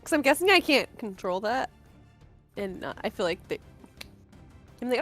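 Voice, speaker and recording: Expressive, somewhat high-voiced woman player. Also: normal speed, soft background music. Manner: chatty, playful, swears freely. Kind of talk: casual tabletop play.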